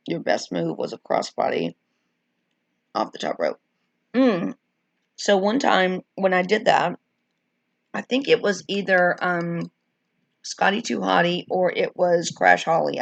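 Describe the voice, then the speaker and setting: A woman's voice: on the low side, expressive, unhurried, vocal fry, long pauses, no echo, lo-fi sound. A middle-aged woman live-streaming, chatting casually and rambling with many fillers while reading viewer comments. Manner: chatty, rambling, frequent likes and ums. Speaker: streamer sharing wrestling memories.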